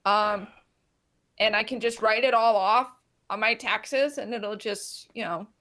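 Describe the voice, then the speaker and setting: A woman caller with a bright, fairly high voice, hesitant and scheming as she talks in an improv comedy show. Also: a little slow.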